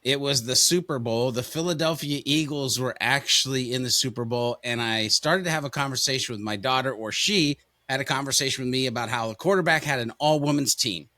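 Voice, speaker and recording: An American podcast host chats casually in an upbeat, enthusiastic, folksy manner. His medium-pitched voice is bright and forceful, a little fast, with no echo.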